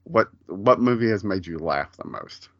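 Low-voiced man ranting in casual chat. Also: lively intonation, normal speed, fairly bright tone, dry recording, muffled recording. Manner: exasperated ranting, swears freely.

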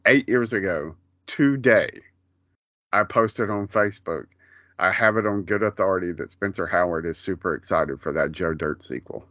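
A man's voice: sits low, normal speed, a bit bright, no echo. A man chatting casually on a podcast, ranting in an exasperated way and swearing freely, on a dull lo-fi recording. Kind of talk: casual chat.

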